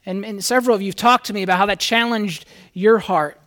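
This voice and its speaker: A man's voice: sits high, fairly even intonation, quick pace, fairly bright tone. A man preaching a conversational sermon to his congregation, speaking earnestly and reading scripture aloud with rising emphasis. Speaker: pastor.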